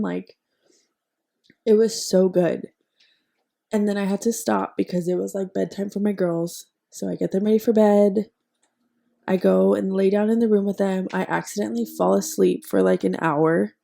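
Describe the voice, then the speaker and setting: A woman's voice: mid-range voice, steady tone, moderate pace, gravelly, warm tone. A young woman co-hosting a podcast, chatting casually with lots of "like" fillers and casual swearing. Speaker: podcast co-host. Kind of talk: casual chat.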